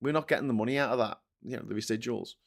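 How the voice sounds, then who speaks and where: A man's voice: medium pitch, very fast, creaky. Rambling, swearing male live-stream host. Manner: rambling, swears, frequent restarts. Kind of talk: casual live-stream chat reading comments.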